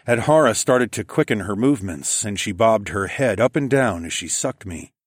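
A man with a fairly low voice narrates a first-person adult audio story in a soft, murmured, low-key way. The recording is close and dry, with no room around his voice. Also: expressive, normal speed, husky, no echo.

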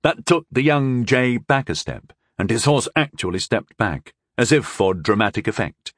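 A man's voice: mid-range voice, expressive, normal speed, fairly bright tone, no echo. A man narrating a first-person fantasy audiobook in a dry, wry storytelling manner.

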